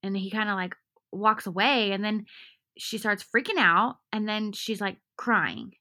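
A woman's voice: mid-range voice, animated, unhurried, bright, forceful tone. A woman chatting casually and animatedly, full of fillers, recapping episodes with a co-host. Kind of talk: casual chat recapping a dating show.

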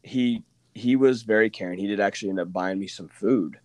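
A man from Oklahoma hosting a casual podcast chat, telling stories with lively asides and mimicking the people he quotes. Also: fairly low pitch, fairly quick, no room sound. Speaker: podcast host.

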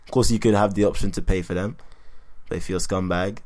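A man's voice: deep voice, steady tone, quick pace, darkish tone. A man in casual, teasing podcast chat, full of slang. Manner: slangy, teasing, laid-back.

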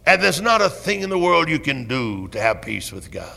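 A man preaching a fiery old-time sermon with a Southern accent, impassioned and building to shouts with drawn-out emphasis. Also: mid-range voice, lively intonation, creaky. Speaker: pastor. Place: church sanctuary. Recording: 1970s church recording with long hall reverb.

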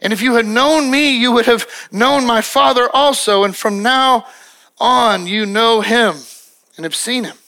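A middle-aged man preaching a sermon as pastor, emphatic and repetitive, acting out quick little dialogues. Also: very high-pitched, bright, forceful tone.

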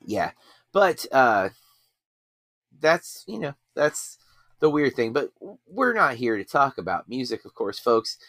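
Bright, rambling male podcast host. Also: medium pitch, big pitch swings, measured pace, dry recording, clean studio sound. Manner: rambling, self-deprecating. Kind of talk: casual chat.

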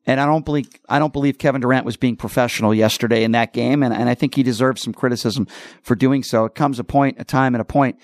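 A man's voice: medium pitch, steady tone, fast talker, no room sound, studio quality. A man hosting a talk radio show, delivering an emphatic, opinionated monologue and repeating his points for emphasis.

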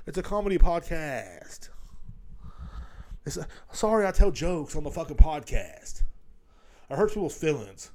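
A middle-aged man hosts a crude comedy podcast, cursing through a rambling rant. His pitch sits a little high and swings widely as he mocks other people's voices. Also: big pitch swings, moderate pace, pauses often, darkish tone. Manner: profane, rambling, mocking voices mid-rant. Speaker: podcast host.

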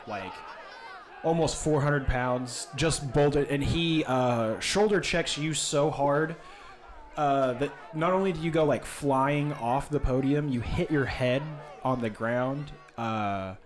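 A man's voice: medium pitch, measured pace, slight background noise. A man narrating as game master in a tabletop game, loose and full of fillers.

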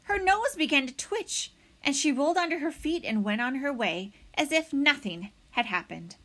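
Bright, expressive woman storyteller. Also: sits high, moderate pace. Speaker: narrator. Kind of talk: reading a children's novel aloud.

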